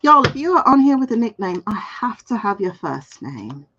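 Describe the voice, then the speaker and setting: Playful woman doing a live tarot stream, bouncy voice w some gravel, kinda dull lo-fi audio. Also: a little high, moderate pace, a little hiss or hum. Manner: playful, lively, laughs often, talks to chat by name. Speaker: tarot card reader. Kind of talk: live-stream card reading, chatting with viewers.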